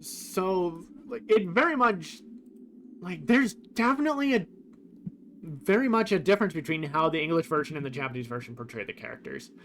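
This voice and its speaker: A man's voice: fairly high pitch, lively intonation, normal speed, fairly bright tone, slight background noise. A man streaming a game who compares translations in casual commentary, rambling with many fillers.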